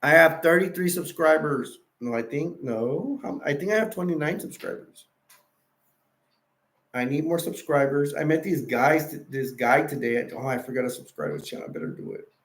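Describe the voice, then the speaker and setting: A man's voice: on the high side, moderate pace, a bit bright. A tired man hosting a late-night livestream, rambling casually and reading chat messages and wiki text aloud. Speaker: livestream host.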